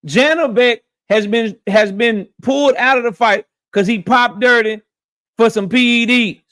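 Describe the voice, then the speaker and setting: This young boxing talk show host has a very high, slightly bright voice and speaks a little slowly. His casual, opinionated commentary is blunt and profane, with lines repeated for emphasis.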